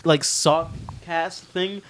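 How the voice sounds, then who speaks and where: A man's voice: a little high, fairly even intonation, drawn-out words, fairly bright tone. A young man on a podcast telling a story casually, laughing and swearing often. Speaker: podcast co-host.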